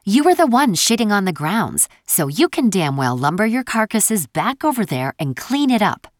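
A woman's voice: medium pitch, very animated, moderate pace, no room sound, studio quality, pitched above the performer's own voice, natural voice. A woman reading an audiobook voices a furious eldest sister, a powerful witch who snarls and swears. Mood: enraged. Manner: snarling, foul-mouthed.

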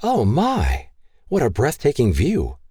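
A man's voice: lowish voice, huge pitch swings, moderate pace, a little mellow, breathy edge, no echo, studio quality, pitched above the performer's own voice, heavily acted. A man voicing a genteel young woman who is newly arrived and full of wonder, lifting his voice for her lines. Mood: awed.

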